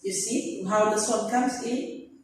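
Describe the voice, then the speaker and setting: A woman teacher giving a classroom vocabulary lesson, animated and acting out her examples in sing-song voices. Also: on the high side, takes it slowly, a little hiss or hum. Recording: very echoey room, mic far off.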